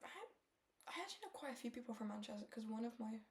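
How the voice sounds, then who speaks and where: A young British woman streams from her home kitchen, chatting casually while she bakes. Her voice is fairly high-pitched and rapid-fire, and she rambles and trails off.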